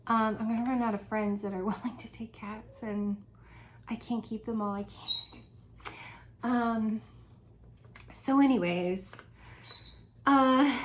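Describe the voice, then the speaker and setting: A woman's voice: on the high side, fairly bright tone, a little hiss or hum, low-quality recording. Chatty woman rambling at home. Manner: chatty, rambling, laughs often. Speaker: vlogger. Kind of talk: casual chat.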